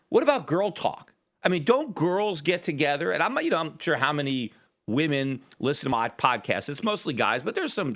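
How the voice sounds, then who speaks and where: A man's voice: a little high, bright, forceful tone. A man hosting his own podcast, giving emphatic, argumentative political commentary full of rhetorical questions. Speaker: podcast host.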